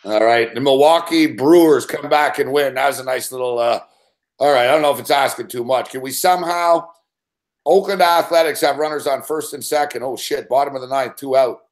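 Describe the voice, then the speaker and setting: A man's voice: medium pitch, brisk. Easygoing male betting show host. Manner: easygoing, reacts to live games as he talks. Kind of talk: casual sports betting chat.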